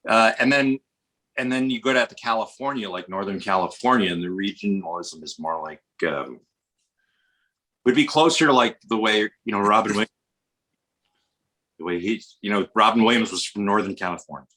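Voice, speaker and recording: An actor from Westchester, New York, US, appears as a guest on a podcast, talking casually in a digressive way with many restarts. His voice is lowish, pushed and bright at normal speed, and the audio is poor.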